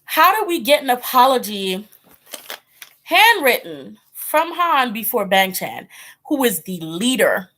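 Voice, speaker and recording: This tarot reader's voice sits on the high side, a bit bright, with big pitch swings and a slightly slow pace. Chatting casually on her channel's live stream, she rambles, uses fillers, laughs, and performs her reactions in quoted voices.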